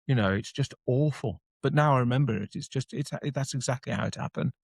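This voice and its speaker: A man co-hosting a podcast, telling a personal story in a lively way and acting out the voices in it. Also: mid-range voice, quick pace, vocal fry. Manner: animated storyteller, acts out quotes. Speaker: podcast co-host. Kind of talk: casual storytelling chat.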